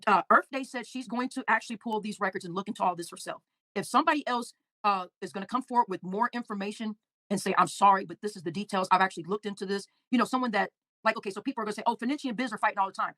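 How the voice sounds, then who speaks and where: Fast-talking emotional woman livestreamer. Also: medium pitch, sharp tone, dry recording. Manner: emotional, halting, repeats words. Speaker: livestream host. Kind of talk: casual livestream chat reading comments.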